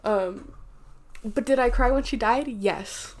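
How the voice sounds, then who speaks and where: A woman's voice: fairly high pitch, takes it slowly. A woman talking casually and candidly as she recaps and reviews a book, rambling a little and swearing freely.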